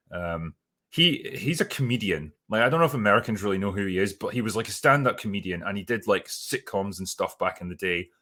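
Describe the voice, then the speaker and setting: Low-voiced man ranting sardonically. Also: sharp tone. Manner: sardonic and profane, with many fillers. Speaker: host reviewing a TV series. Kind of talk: casual spoken review.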